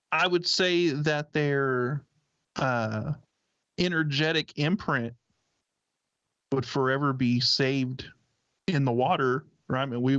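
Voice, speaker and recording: A man's voice: medium pitch, fairly bright tone, smooth, no room sound, highs cut off. A man co-hosting a talk show, musing speculatively and rambling with lots of hedging. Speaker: co-host. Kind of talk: casual radio-show chat.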